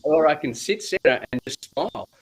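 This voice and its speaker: A man, a guest speaking slowly and reflectively on spiritual ideas, with drawn-out phrasing and casual swearing. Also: fairly high pitch, animated, breathy edge.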